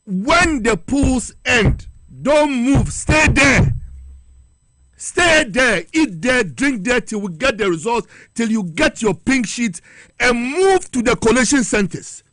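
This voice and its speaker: A man rallying party supporters on air, fiery and repetitive, shouting his calls and running out of breath. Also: very high voice, expressive, takes it slowly, dry recording. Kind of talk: impassioned election-day call to supporters.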